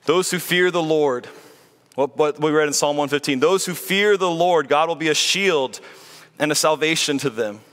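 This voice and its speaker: A man with a high, bright voice preaches a sermon in a church sanctuary, and his words ring out with a long hall reverb. His delivery is earnest and pleading, full of rhetorical questions aimed at the congregation. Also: normal speed.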